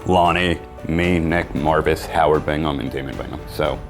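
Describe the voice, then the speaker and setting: A middle-aged man with a very deep voice tells a story as an interview guest, gravelly and low, acting out the lines of the people in it. Soft music plays underneath. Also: moderate pace. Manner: animated storyteller, acts out quotes. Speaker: interview guest, sports marketing agent.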